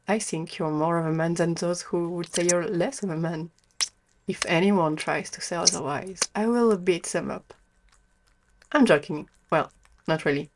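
A young woman in an adult audio role-play, speaking to the listener as a doting girlfriend in a soft, affectionate way. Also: fairly low pitch.

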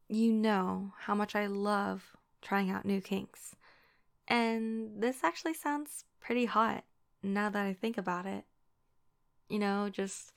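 Young woman, Valley Girl voice, heavy vocal fry, unhurried teasing delivery, playful girlfriend in an intimate audio role-play. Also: mid-range voice.

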